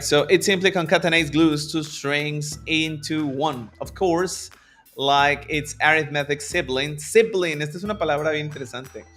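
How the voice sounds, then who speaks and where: A man's voice: fairly high pitch, fairly bright tone. A man whose first language is Spanish, teaching English to programmers in a casual lesson, switching between Spanish and English and laughing often at his own asides.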